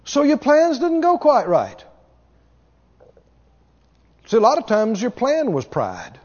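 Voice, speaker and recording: A man's voice: extremely high pitch, wildly swooping pitch, slow pace, a little mellow. A man pastor preaching a sermon, emphatic and repetitive, throwing rhetorical questions at the congregation. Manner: emphatic, repeats key words, asks rhetorical questions. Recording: dull recording with long hall reverb.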